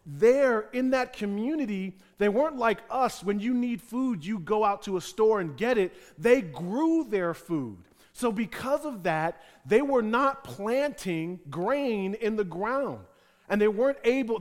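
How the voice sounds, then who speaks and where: A man preaching a sermon as pastor, animated, acting out the voices of the people in the text. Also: high voice, moderate pace, big-room sound.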